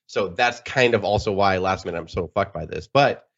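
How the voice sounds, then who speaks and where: A man's voice: low voice, moderate pace, fairly bright tone, highs cut off. A man hosting a casual game with friends, rambling, swearing and laughing as he talks. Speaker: podcast host running a game.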